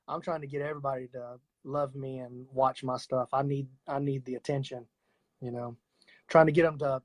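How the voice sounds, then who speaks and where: Chatty Southern man hosting a live stream. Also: fairly high pitch. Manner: chatty, shouting out viewers, laughing often. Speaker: podcast host. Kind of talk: casual live-stream chat.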